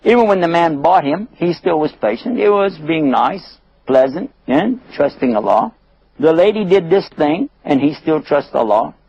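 A male storyteller recounting a religious tale for children with lively, swooping intonation. His voice is husky and gravelly. The recording is dry and dull, with no room sound. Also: a little high, moderate pace, no room sound. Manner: animated, plays many voices, asks the listeners.

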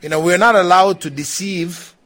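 A male Islamic teacher lecturing a small class in an easy, chatty way. His voice sits a little higher than most men's, and he laughs lightly and often says "you know" as he explains. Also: moderate pace, a bit bright. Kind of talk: religious lecture with questions.

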